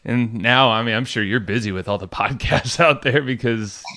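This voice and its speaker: In a casual podcast chat, a male co-host jokes around playfully and laughs often. His medium-pitched voice is bright and forceful, moving at a normal speed.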